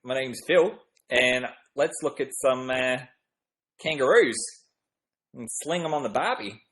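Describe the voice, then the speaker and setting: A man's voice: medium pitch, measured pace, fairly bright tone, natural voice. A man voicing a jokey stereotyped Australian bloke in a put-on Australian accent, goofy and exaggerated. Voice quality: goofy, exaggerated, self-mocking.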